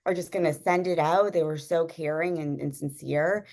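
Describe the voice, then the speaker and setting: A woman's voice: low voice, normal speed, darkish tone. A young woman telling a personal story in a casual, rambling way, with many fillers and frequent laughs. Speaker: guest sharing a personal story.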